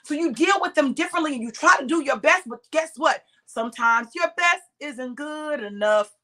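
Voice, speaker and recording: A woman's voice: high-pitched, animated, moderate pace, bright, forceful tone. A middle-aged woman preaching straight to her listeners, emphatic and direct, drawing out the words she stresses. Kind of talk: sermon-style exhortation.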